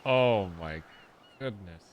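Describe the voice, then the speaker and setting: A man's voice: on the low side, expressive, slow pace, muffled recording, noisy background. A man streaming a roleplay game, talking casually to his viewers and often checking in with them. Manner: chatty, addresses viewers directly, frequent "okay?". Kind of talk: casual end-of-stream chat.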